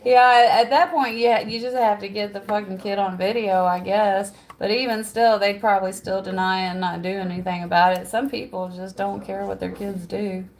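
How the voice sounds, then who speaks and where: A woman hosts a livestream from home, chatting casually at normal speed with few pauses. Her medium-pitched voice stays fairly even as she reads viewer comments aloud and laughs often.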